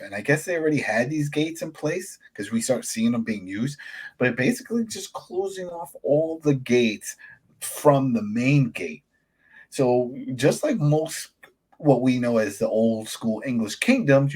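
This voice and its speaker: A man co-hosting a podcast, chatting casually about a TV episode and jumping into high voices to act out characters. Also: breathy edge. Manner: animated, acts out characters in sudden high-pitched voices. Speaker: podcast co-host, editor. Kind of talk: casual review chat.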